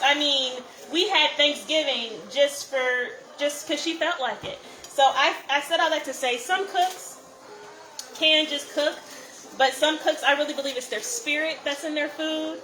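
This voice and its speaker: A woman's voice: high voice, sharp tone, roomy sound, a little hiss or hum, rough recording. A woman hosting a live cook-along, chatting with viewers and greeting them by name while she cooks, recorded on a phone in a kitchen. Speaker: cooking show host.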